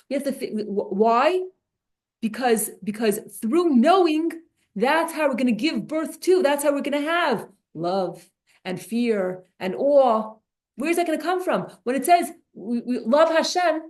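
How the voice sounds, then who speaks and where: A woman teaching a Torah class, animated and restarting her sentences often. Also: high voice, moderate pace. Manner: animated, many restarts and repeated words.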